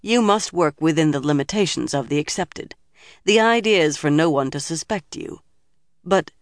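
A man's voice: a little high, lively intonation, moderate pace, no room sound. A man voicing a dry, authoritative older woman leader in an audiobook reading. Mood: firm.

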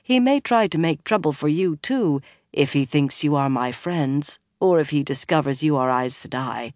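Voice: medium pitch, lively intonation, moderate pace, darkish tone, no echo, studio quality, natural voice. An audiobook narrator voicing a stiff, blunt foreign woman officer who speaks formally.

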